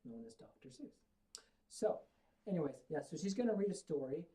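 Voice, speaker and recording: A woman's voice: low voice, very animated, normal speed, mellow, poor audio. A middle-aged woman hosting a podcast in casual chat, rambling and poking fun at herself. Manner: rambling and self-mocking. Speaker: podcast host.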